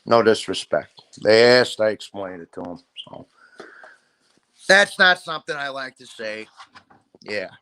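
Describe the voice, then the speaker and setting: A man's voice: fairly low pitch, sing-song, a little slow, long pauses, bright, forceful tone, clean tone, dry recording. Profane, streetwise man with a dry sound. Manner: profane, streetwise, talks to viewers as "bro". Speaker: boxing show host. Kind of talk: casual rambling commentary.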